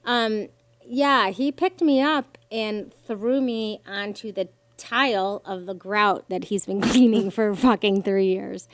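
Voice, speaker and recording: A woman's voice: mid-range voice, slow, dry recording. Woman guest, podcast mic, dry close sound, emotional storyteller who swears and voices others' lines. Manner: animated, swears freely, acts out quoted voices.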